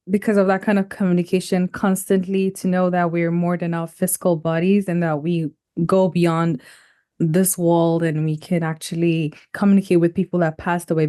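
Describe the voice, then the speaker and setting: A woman's voice: fairly low pitch, mellow, clean tone, no room sound, studio quality. A woman hosting a podcast interview, asking questions in a thoughtful, loose way with many fillers. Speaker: podcast host.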